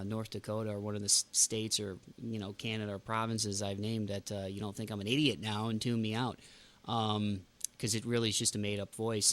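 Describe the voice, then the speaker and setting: A man's voice: lowish voice, a bit bright. A man hosting a podcast in casual chat, ranting with emphatic outbursts. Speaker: podcast host.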